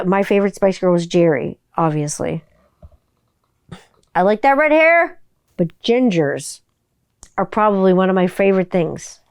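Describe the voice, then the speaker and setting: A woman's voice: mid-range voice, darkish tone, clear, resonant tone, no echo, studio quality. A woman hosting her own podcast, chatting casually and rambling with lots of "like" and playful asides. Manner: rambling and chatty, heavy use of "like"; playful, hums a silly tune while thinking. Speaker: podcast host. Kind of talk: casual solo podcast chat.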